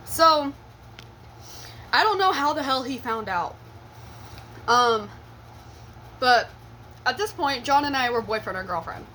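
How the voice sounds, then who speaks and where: Woman, young adult, fairly high voice, casual storytime, blunt, profane, laughing asides, faint background hum. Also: lively intonation, slow, long pauses, sharp tone. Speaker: vlogger telling a personal story.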